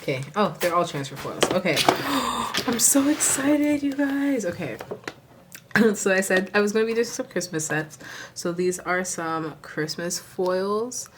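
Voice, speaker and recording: A woman with a Southern US accent chatting casually through a haul video, full of fillers and sudden gasping excitement. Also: fairly low pitch, moderate pace, noisy background. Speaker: nail vlogger.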